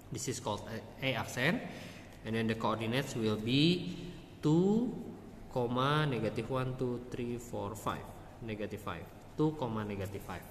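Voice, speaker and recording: A man walks through a math lesson at an unhurried pace, checking in with "okay" between steps. His voice sits at an ordinary pitch. The room rings with a long echo, and a faint hum of background noise sits underneath. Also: fairly bright tone. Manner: slow, step-by-step explaining with frequent "okay". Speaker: math teacher.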